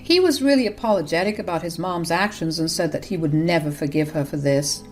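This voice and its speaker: A woman narrating a first-person story in an even, matter-of-fact way with sarcastic jabs. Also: sits low, brisk, soft background music.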